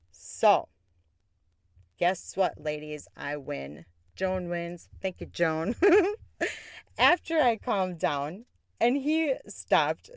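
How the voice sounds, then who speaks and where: With a lowish voice captured in a dry, clean studio recording, this podcast host tells a personal story. She's candid and sarcastic, laughing frequently as she talks casually.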